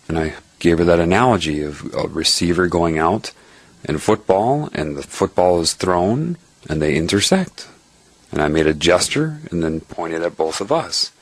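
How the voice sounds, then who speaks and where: Very deep, husky man telling a spiritual story. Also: dry recording. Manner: earnest, explanatory, tags points with "right?". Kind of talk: spiritual monologue told as a personal story.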